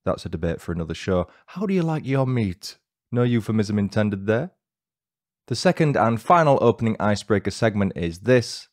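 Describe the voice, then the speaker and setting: Low-voiced male podcast host, dry sound. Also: very animated, moderate pace, darkish tone, no room sound. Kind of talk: scripted true-crime narration.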